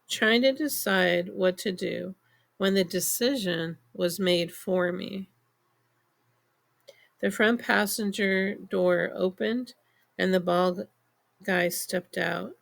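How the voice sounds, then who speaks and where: A woman reading an audiobook in the first person, unhurried and measured. Her voice has a gravelly texture and sits at a middle pitch. The delivery is steady scripted storytelling. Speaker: audiobook narrator.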